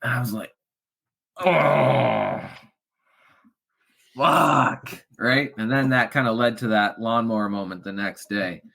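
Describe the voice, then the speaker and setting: A middle-aged man, a podcast guest, telling a candid personal story in an emotional way that drops to quiet murmurs and rises to loud outbursts. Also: fairly even intonation, fairly quick, few pauses. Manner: emotional, swings from low murmurs to loud shouts.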